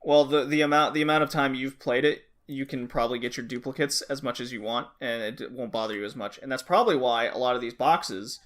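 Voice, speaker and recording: A man's voice: mid-range voice, fairly quick, hardly any pauses, fairly bright tone. A man co-hosting a podcast, bluntly complaining and swearing in casual chat. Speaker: podcast co-host.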